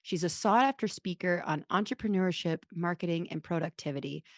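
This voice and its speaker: Chatty low-voiced woman podcast host. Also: fairly quick, dry recording, clean studio sound. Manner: rambling, self-deprecating storyteller. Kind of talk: casual chat.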